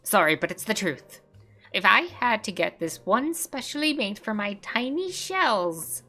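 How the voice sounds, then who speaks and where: A woman's voice: medium pitch, sing-song, measured pace, faint music behind, full character voice. A woman voicing a small, fussy creature that guards its shells, speaking in dramatic, defensive outbursts while reading a game's lines. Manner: dramatic, defensive, bursts of loud alarm.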